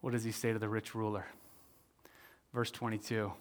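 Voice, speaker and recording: A male pastor preaching a sermon, asking the audience questions and moving between soft asides and raised emphasis. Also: medium pitch, moderate pace.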